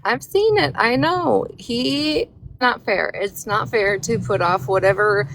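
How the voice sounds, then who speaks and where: Woman, gravelly voice, blunt and scolding, faint background hiss. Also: fairly high pitch, slow, fairly bright tone. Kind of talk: casual chat.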